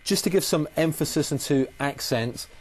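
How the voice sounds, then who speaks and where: A man's voice: fairly high pitch, moderate pace. Patient male guitar teacher. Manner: patient, methodical, repeats key phrases. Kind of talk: explaining guitar technique in a lesson.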